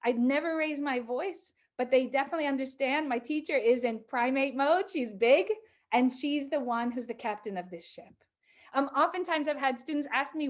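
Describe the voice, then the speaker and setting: A middle-aged woman teacher talking calmly to a group of teachers, measured, with pauses and fillers. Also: sits high.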